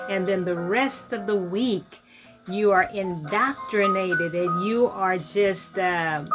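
A middle-aged woman minister preaching a sermon with fervor, swinging from loud exclamations to hushed whispers. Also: on the low side, unhurried, music in the background.

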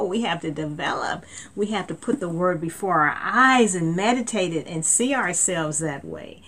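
A woman's voice: lowish voice, fairly bright tone. A woman preaching a sermon in an earnest tone, often repeating words and reading scripture aloud.

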